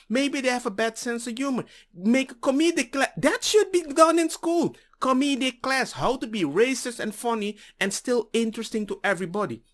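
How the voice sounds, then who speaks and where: A man's voice: very high voice, fairly bright tone. A man from the Caribbean ranting in a jokey commentary video, mocking others as he goes.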